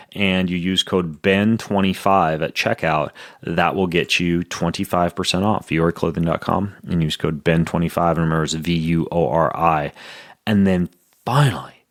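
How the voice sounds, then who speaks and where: A man's voice: sits low, dry recording, studio quality. A man hosting a podcast, chatting casually and joking his way through ad reads and health answers. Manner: playful, quick, jokey. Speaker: podcast host.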